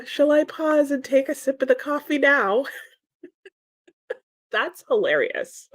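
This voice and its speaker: A woman's voice: high-pitched, unhurried, no echo. A woman hosting a livestream in casual chat, reading out viewer comments, still sleepy, giggling and stumbling over her words. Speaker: livestream host.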